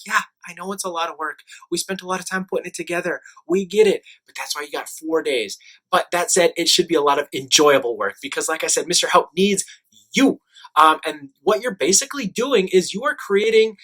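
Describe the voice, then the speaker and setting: A man teaching his class by video, talking fast in a bright, fairly high voice. He keeps things upbeat and chatty, with frequent ums as he goes. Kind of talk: video class update to students.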